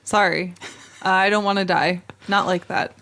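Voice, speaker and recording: A woman playing in a tabletop role-playing game, speaking playfully with quick asides. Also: medium pitch, fairly even intonation, fairly bright tone. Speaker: player.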